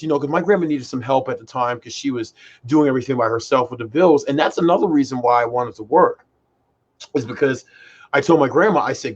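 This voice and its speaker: A man's voice: medium pitch, quick pace, highs cut off. A young man in his twenties, co-hosting and telling rambling stories in casual chat, full of fillers. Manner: excitable storyteller, many fillers like "like" and "freaking". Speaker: podcast co-host.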